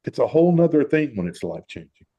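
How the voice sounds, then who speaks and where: A man's voice: on the high side, quick pace, breathy edge, muffled recording. A man hosting a group talk, telling a personal story and acting out the quoted voices. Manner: animated, acts out quoted voices. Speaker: host.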